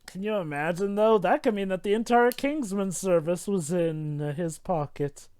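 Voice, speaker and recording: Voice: mid-range voice, normal speed, a little mellow, clear, resonant tone, no room sound, studio quality. A speaker doing jokey, casual group commentary while watching a movie. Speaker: commentary co-host.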